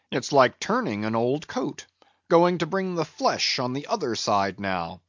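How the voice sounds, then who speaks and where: Grumbly fussy old ship's carpenter muttering away, a man doing him, pitch bobbing, dull dry sound. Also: no echo. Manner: hesitant, muttering, grumbling to himself.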